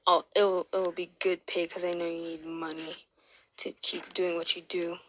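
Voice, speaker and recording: A woman retelling the lines of a scheming male villain boss in a hushed, low-key way, close to her own voice. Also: little pitch movement, moderate pace, slight background noise, close to an everyday voice, rough recording.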